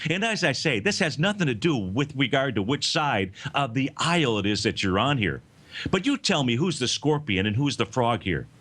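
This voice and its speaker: A man's voice: mid-range voice, fairly bright tone. A man hosting a live financial talk show, speaking to listeners in a folksy, emphatic way.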